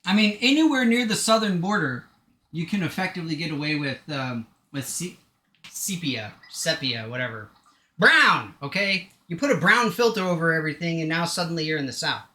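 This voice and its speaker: A man talks his way through a game on a live stream. His voice is bright and forceful, and it swings up and down a lot as he rambles and pokes fun at himself. The room is echoey, with game music running behind him. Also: a little high, sing-song, brisk, slight background noise. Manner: rambling, joking and self-mocking. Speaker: gaming streamer. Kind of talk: casual live-stream chat while playing.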